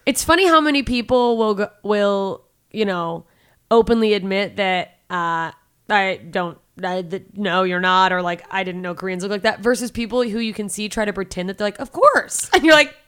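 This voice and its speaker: A woman's voice: mid-range voice, normal speed, a bit bright, smooth. A woman hosting a podcast in casual chat, asking questions and laughing often. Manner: giggly, asks questions. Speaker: podcast host.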